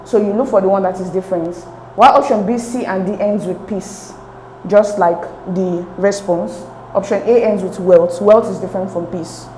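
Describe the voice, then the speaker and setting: A woman's voice: mid-range voice, normal speed, dark tone, roomy sound, a little hiss or hum, rough recording. A woman explaining exam questions step by step as a tutor, repeating key points.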